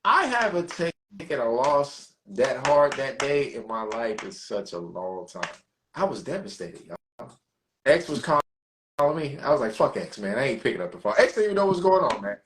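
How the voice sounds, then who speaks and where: A man telling a story on a podcast in a casual, animated way, swearing freely and acting out the people he quotes. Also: mid-range voice, moderate pace, noisy background. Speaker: podcast co-host.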